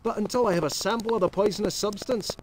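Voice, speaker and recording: A man's voice: sits high, fast, slight background noise, close to an everyday voice, rough recording. A man doing a fussy Scottish-tinged herbalist. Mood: earnest. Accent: stage Scottish. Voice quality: broad put-on brogue. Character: kindly fussy male village herbalist.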